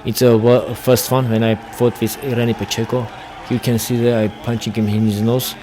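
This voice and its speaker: Here a male boxer with an Armenian accent talks bluntly and confidently in broken English during a relaxed interview where he's the guest. The pitch is medium, the tone level and mellow, the pace moderate, with slight background noise.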